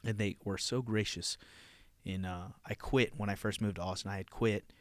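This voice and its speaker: A man's voice: on the low side, fairly even intonation, moderate pace, dry recording. A man from Virginia hosting a comedy podcast, chatting in a brash, crude, rambling way. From Virginia, USA. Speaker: podcast host. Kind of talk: casual comedy podcast chat.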